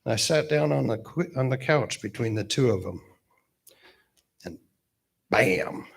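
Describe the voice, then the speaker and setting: A man in his fifties giving a eulogy at a memorial gathering with gentle humor, pausing often with fillers. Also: mid-range voice, animated, vocal fry, slightly rough. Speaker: eulogy speaker, best man.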